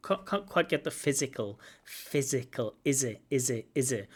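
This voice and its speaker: A man's voice: mid-range voice, normal speed, few pauses, husky. A man working as an exam examiner, talking through a recorded speaking test and repeating words to model how they should sound. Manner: thinks aloud, repeats words to model pronunciation. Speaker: IELTS examiner giving feedback. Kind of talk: reviewing a recorded test aloud.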